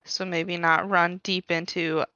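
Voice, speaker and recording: Bright, clear-voiced woman playing a tabletop game. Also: on the low side, level tone, measured pace, dry recording. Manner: laid-back, swears casually. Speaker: player. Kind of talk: casual tabletop play. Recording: dull lo-fi dry mic.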